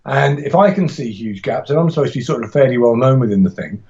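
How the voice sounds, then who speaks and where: A man's voice: mid-range voice, expressive, fast, a little mellow, highs cut off. A man talking casually as a podcast guest about teaching martial arts, rambling and enthusiastic, with frequent restarts and laughs.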